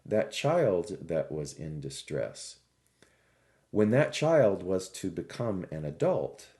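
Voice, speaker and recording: Man voicing a solemn calm God, low voice, slow and measured, softer than the storyteller. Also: exaggerated voice. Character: calm, solemn male God revealing hidden meaning.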